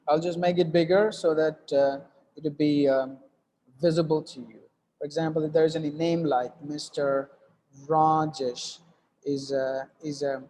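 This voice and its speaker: A man's voice: a little high, fairly even intonation, unhurried, dark tone, long reverb tail, a little hiss or hum. A man teaching an English lesson while writing on a board, with many fillers and restarts, often repeating "look at that.".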